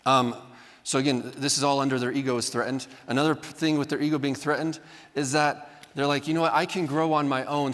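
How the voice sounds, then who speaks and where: A man's voice: mid-range voice, fairly even intonation, brisk, fairly bright tone. A man teaching a classroom lecture, talking casually and often asking "right?" as he acts out what people say. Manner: conversational, often acts out quoted voices, adds "right?". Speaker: Bible college teacher. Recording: reverberant hall.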